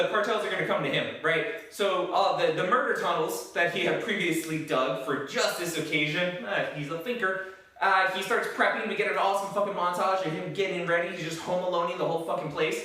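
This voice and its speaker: Male film reviewer, high bright voice, blunt and profane, rambling delivery, distant mic in a very echoey room. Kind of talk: casual spoken movie review.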